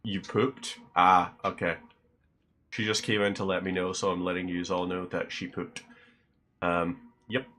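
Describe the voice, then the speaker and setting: Deep-voiced man chatting on a game stream. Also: little pitch movement, moderate pace, a bit bright, slight background noise. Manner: rambling, chatty, lots of "um"s, dry self-mocking humor. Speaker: livestreamer. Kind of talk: casual gameplay stream chat.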